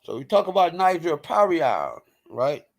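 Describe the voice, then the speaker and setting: A man's voice: a little high, big pitch swings, normal speed, gravelly. A man hosting an online show, reading aloud and arguing heatedly, repeating "right?" and "people" as he pushes his point. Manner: emphatic, repeats "right?" and "people", rising to loud outbursts. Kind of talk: heated casual commentary reading from screen.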